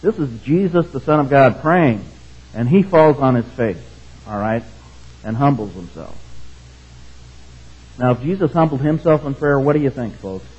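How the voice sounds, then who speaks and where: A man's voice: medium pitch, lively intonation, normal speed, long pauses, a little mellow, breathy edge. A man preaching a sermon, reading scripture and often checking in with his congregation. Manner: conversational, keeps checking in with the congregation. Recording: dull, muffled sound.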